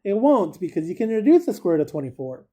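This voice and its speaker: Chatty high-voiced math teacher, mellow tone. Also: male voice, big pitch swings, fast talker. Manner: chatty, joking, keeps quizzing students. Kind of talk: casual recorded math lesson.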